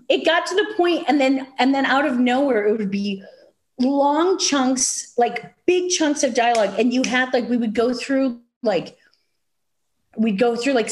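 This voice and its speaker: A woman with a nasal Chicago accent, chatting as a guest and telling animated stories full of acted-out quotes. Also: fairly high pitch. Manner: animated storyteller, acts out quotes, many fillers. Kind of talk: casual chat.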